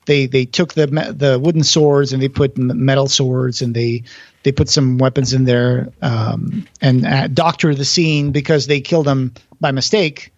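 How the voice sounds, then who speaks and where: A man on a podcast, casually retelling a play's plot, acting out the quoted lines and pausing with fillers. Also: medium pitch, steady tone, darkish tone, no echo, lo-fi sound. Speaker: podcast co-host.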